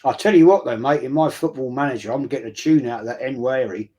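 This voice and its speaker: A man at a middle pitch chats casually on a football livestream. He wanders into long anecdotes, stumbling over restarts and dropping "mate" along the way. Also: fast, dark tone. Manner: rambling storyteller, says mate, restarts. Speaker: livestream co-host.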